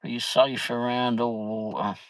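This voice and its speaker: A man telling a rambling anecdote on his live stream, chuckling as he goes and leaning on mild slang. His voice sits at an ordinary middle pitch. The sound is close and dry, with no room around it. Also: level tone, measured pace, smooth, no echo, rough recording. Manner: rambling, laughs often, peppers speech with "flipping". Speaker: livestream host. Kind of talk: casual chat, anecdote.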